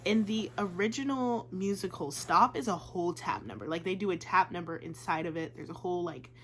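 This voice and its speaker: Chatty young woman vlogger, low-pitched. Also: a little fast, a bit bright, a little hiss or hum. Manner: chatty and gushing, says "like" a lot. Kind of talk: casual commentary vlog.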